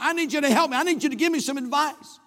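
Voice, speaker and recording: A man's voice: extremely high pitch, fast, long reverb tail, pitched above the performer's own voice. A male preacher voicing a frantic, distressed woman who stammers as she begs her pastor for help. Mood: pleading. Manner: pleading, stammering.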